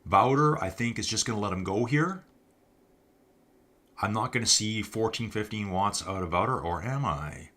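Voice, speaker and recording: A man with a low voice gives casual live-stream commentary on an online cycling race. He rambles in a chatty way, calls his viewers folks and answers the chat as he goes. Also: animated, normal speed, sharp tone.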